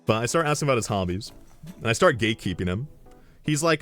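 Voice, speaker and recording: A man's voice: on the low side, animated, fast talker, soft background music. A man streamer chatting casually, telling rambling stories, swearing freely and laughing at his own jokes. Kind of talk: casual storytelling chat.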